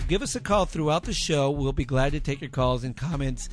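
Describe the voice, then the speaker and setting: A man's voice: fairly high pitch, expressive, fairly quick. A man hosting a talk show, laid-back as he reads announcements and laughing easily. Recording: music bed playing faintly behind.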